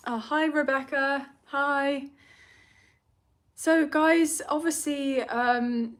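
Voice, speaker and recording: A woman's voice: high voice, slow. A young British woman with a London accent, hosting a tarot livestream and chatting emotionally with viewers, rambling with fillers and nervous laughs. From Britain. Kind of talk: casual livestream chat reading comments.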